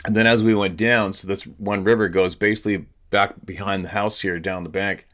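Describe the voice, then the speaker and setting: Speaking a little fast with a steady tone, this man has a low, slightly bright voice. As host, he shares laid-back stories from home in casual conversation, cursing freely and laughing often, picked up by a laptop camera.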